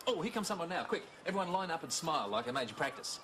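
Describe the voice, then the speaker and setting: A man's voice: on the high side, very animated, rapid-fire. A middle-aged sitcom father who frets and cracks jokes at his kids, his voice leaping up and down with exasperation. Heavy hiss sits under the old TV recording. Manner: exasperated, quipping. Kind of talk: sitcom acting. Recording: old TV tape with loud hiss.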